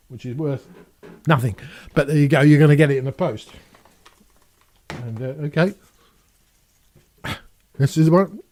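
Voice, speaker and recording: Filming a casual Q&A vlog in a small home studio, an English YouTuber in his fifties rambles and pokes fun at himself. He has a slightly high, slightly mellow voice, and the recording has no room sound.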